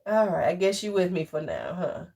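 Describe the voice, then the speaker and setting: Hosting a casual home livestream, this middle-aged woman jokes bluntly with viewers and swears freely before turning to coo and fuss over a toddler. Her warm, creaky voice is fairly low with huge pitch swings, delivered at a normal speed.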